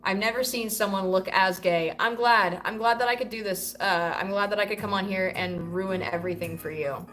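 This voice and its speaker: A woman's voice: mid-range voice, steady tone, normal speed, few pauses, fairly bright tone, soft background music. A woman from the United States hosting a casual livestream, answering chat comments in a loose, profane, joking way. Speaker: livestream host.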